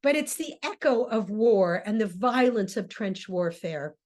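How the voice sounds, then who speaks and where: A woman's voice: medium pitch, expressive, measured pace, a little mellow. A woman lecturer and theater director giving a class on plays, talking with frequent ums and restarts. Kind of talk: lecture on drama, reading play excerpts aloud.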